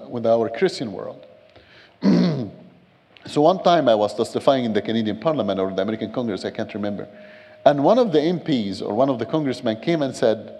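A man's voice: medium pitch, warm tone. A middle-aged man, a guest speaker, giving his testimony in a church, telling a story with humorous asides. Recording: church hall reverb.

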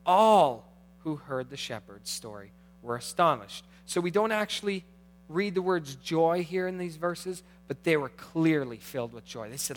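Dynamic middle-aged pastor preaching. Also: male voice, fairly high pitch, moderate pace. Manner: dynamic preaching, swings from hushed to animated. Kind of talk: sermon.

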